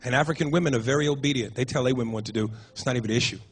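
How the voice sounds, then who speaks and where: A man's voice: medium pitch, rapid-fire. A man performing a stand-up comedy set in a club, with a profane, punchy, swaggering delivery. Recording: noisy live club recording.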